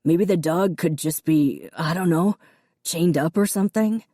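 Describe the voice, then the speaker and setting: A woman's voice: fairly low pitch, unhurried, mellow, dry recording, studio quality. A woman voicing a troubled teenage boy who pleads hesitantly with his father. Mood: pleading.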